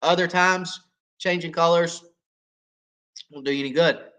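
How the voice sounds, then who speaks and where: A man hosting a live fishing Q&A, hoarse and coughing as he loses his voice, talking in a folksy, chatty way and checking in with viewers. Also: on the high side, fairly even intonation, a little slow, sharp tone. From East Tennessee. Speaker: fishing channel host. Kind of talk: live Q&A chat.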